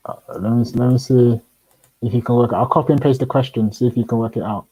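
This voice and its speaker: A young man chatting casually in an online panel, laid-back and jokey, with trailing pauses. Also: medium pitch, steady tone, warm tone, breathy edge, no room sound, poor audio. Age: young adult. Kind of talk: casual online group chat.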